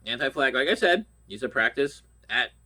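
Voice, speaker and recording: A man's voice: mid-range voice, expressive, normal speed, sharp tone. A middle-aged man from Pittsburgh with a stuffy nose, ranting bluntly and swearing constantly. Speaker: vlogger. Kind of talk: profane rant.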